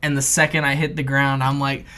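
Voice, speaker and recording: Bright-voiced man telling a rambling story. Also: mid-range voice, a little fast. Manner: animated, acts out own panic with laughs; loose, rambling with many fillers and restarts. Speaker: podcast co-host. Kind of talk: casual storytelling chat.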